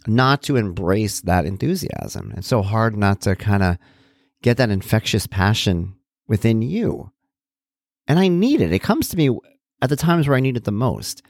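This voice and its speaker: A man's voice: medium pitch, big pitch swings, fairly quick, darkish tone, no echo, studio quality. A man hosting a solo talk, reflecting conversationally with many asides and restarts. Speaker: podcast host, parent.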